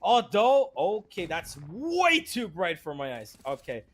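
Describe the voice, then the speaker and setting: A young man casting a live esports match, excitable and jokey, with bursts of disbelief. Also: sits high, unhurried. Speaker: esports caster.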